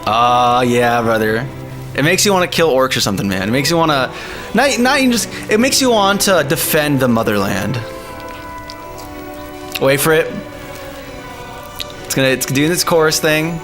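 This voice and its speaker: A man's voice: medium pitch, lively intonation, moderate pace, long pauses. A man streaming live and chatting casually, laughing often and calling people man and dude. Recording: faint music behind.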